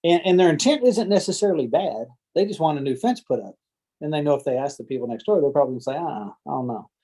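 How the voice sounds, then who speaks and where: Man, land surveyor, folksy and chatty, mellow voice, video call. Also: on the high side, lively intonation, fast talker, rough recording. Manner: folksy, chatty storyteller who acts out the voices of angry homeowners. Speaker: land surveyor giving a talk to a team of real estate agents. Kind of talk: casual training talk. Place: home or office on a video call. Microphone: computer or headset mic on a video call.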